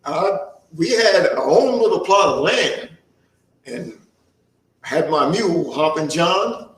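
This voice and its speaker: A man telling a first-person historical story in character as an earnest young farmhand turned soldier, with a folksy dialect and an unhurried storytelling manner. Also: fairly high pitch, animated, roomy sound, far from the mic, a little hiss or hum, rough recording. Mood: reminiscing.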